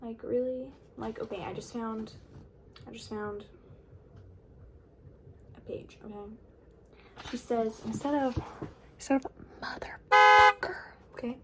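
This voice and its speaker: Speaking unhurriedly and pausing often, a young book vlogger with a fairly high, steady voice rants sarcastically about books she dislikes. Her talk is casual and filler-heavy, and the background is noisy.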